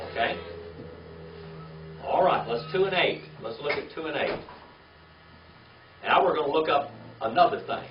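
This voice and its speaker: A man teaching a Bible lesson to a small class, asking questions, repeating key words and checking in with "all right?" after each point. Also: fairly high pitch. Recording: distant, echoey, dull room recording with faint hiss.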